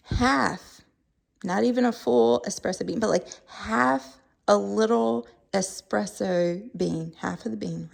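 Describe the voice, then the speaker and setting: Woman, reviewer-vlogger, comic and rambling, fry-edged voice. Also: medium pitch. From Southern United States. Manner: playful, rambling, comic storytelling with fillers. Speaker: candle reviewer. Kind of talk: casual storytelling review vlog.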